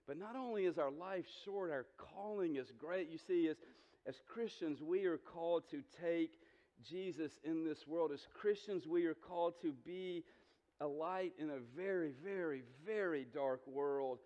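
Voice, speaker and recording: A fairly high-voiced man, preaching from a church pulpit. He is earnest and direct, stumbling over repeated words as he begins his points and asking the congregation questions. The sound is muffled and dull, with long reverb off the walls of the sanctuary. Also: measured pace, warm tone. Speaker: pastor. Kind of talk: sermon.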